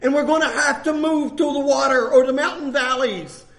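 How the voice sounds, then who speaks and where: A man, preaching a sermon with impassioned, repeated emphasis that rises to shouts. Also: very high-pitched, normal speed, creaky. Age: 60s. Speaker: pastor.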